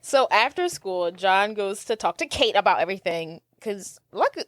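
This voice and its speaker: A woman's voice: medium pitch, animated, normal speed, a bit bright, dry recording. Woman co-host in a dry-sounding recording. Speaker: podcast co-host. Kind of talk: casual chat recapping a movie.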